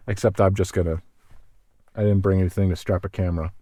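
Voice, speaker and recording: A man's voice: low voice, steady tone, fast, mellow, no room sound. A man who films wildlife, talking casually to the camera in his vlog, thinking aloud, restarting sentences and drifting between topics. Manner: chatty, self-interrupting, thinks aloud. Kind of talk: casual rambling vlog monologue. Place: in a car, then outdoors in a cold parking lot.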